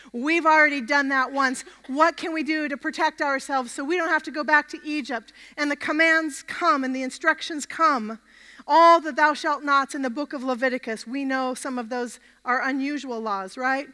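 A woman's voice: sits high, sharp tone. A woman preacher giving an interactive sermon at a camp meeting, energetically leading the crowd in chants. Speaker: guest preacher. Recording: long hall reverb.

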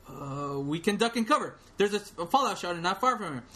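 A man voicing a cowardly government agent who shouts frantically in a shrill, high voice. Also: completely flat delivery, drawn-out words. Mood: nervous.

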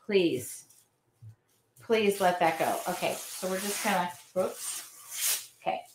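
A woman's voice: fairly low pitch, expressive, unhurried, slight background noise. Middle-aged lady doing a live art demo, chatty, pokes fun at herself, echoey room. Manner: chatty, self-deprecating, talks to viewers while working. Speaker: art instructor. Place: home art studio.

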